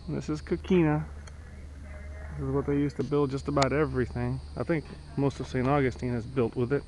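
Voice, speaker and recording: A man talking in an everyday middle-pitched voice as he walks through outdoor ruins, filming on a handheld camera. He jokes and thinks out loud in loose, casual narration. A faint hiss and outdoor noise sit behind him. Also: flat delivery, a little fast. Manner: jokey, chatty, thinks aloud. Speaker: vlogger. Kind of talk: casual walking tour narration.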